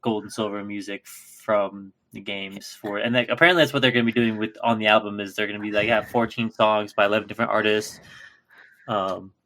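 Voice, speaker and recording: A man co-hosting a podcast in casual chat, relaxed, stumbling over repeated words when excited. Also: on the low side, fairly quick. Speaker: podcast co-host.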